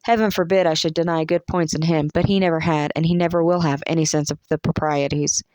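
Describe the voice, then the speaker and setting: A reader voicing a smug, sanctimonious gentleman in a classic-novel audiobook, talking in a pompous, self-satisfied way. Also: medium pitch, little pitch movement, fast talker, dry recording, natural voice. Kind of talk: audiobook character voice.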